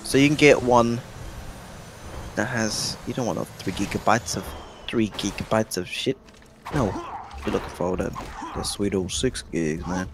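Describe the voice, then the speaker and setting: A man with a fairly low voice talks loosely on a game stream, dropping casual swears as he hands out tech tips. A faint hum of noise sits underneath him. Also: moderate pace, pauses often. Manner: laid-back, swears casually, gives hardware advice.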